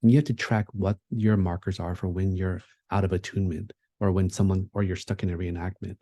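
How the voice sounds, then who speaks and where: A man's voice: deep voice, flat delivery, brisk, warm tone, no echo. A man giving a keynote talk at a conference, speaking in a reflective, conversational way, with many fillers and restarts.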